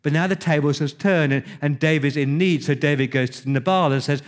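Higher-voiced male preacher. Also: a little fast, hardly any pauses. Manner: conversational storytelling with emphatic repetition. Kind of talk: sermon.

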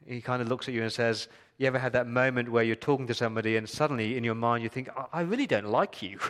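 A man preaching a sermon as pastor, talking to the congregation with rhetorical questions and swinging from loud emphasis to hushed, quiet lines. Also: medium pitch, little pitch movement, rapid-fire, clear, resonant tone.

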